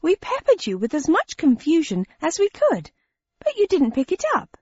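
Shrill, fretful shape-changer creature, voiced by a woman for a storybook reading, pitched well above her own voice, with dull, dry sound. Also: wildly swooping pitch, moderate pace, darkish tone, no echo. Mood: pleading.

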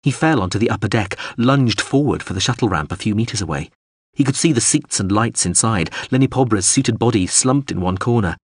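A man reads an audiobook in a steady, dramatic voice. His tone is low and slightly husky. The recording is dry and close, with no room sound. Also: fairly quick, dry recording. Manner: steady, dramatic reading of an action scene. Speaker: narrator. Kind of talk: audiobook narration.

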